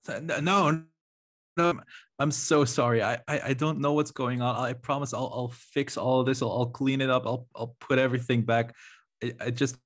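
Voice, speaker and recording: A man's voice: mid-range voice, steady tone, moderate pace. Hesitant man playing a tabletop game. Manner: hesitant, stammering delivery. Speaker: player. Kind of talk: tabletop game role-play.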